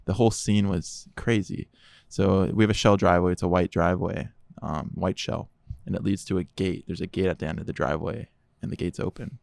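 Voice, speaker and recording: Man, low and gravelly, casual podcast guest acting out the dialogue as he tells his story. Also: brisk, no room sound. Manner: animated storyteller, quotes others in dialogue.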